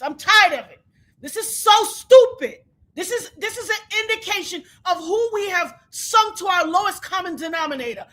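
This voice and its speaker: A woman livestream host in an angry rant, shouting, repeating herself and near tears with rage. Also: very high-pitched. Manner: furious, shouting, repetitive.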